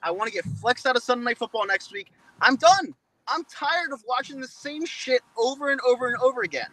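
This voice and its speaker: Host, male, fired-up fan ranter with a high, bright, cutting voice, swears freely. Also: brisk, poor audio. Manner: frustrated ranting, swears often. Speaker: show host. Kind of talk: heated sports fan podcast.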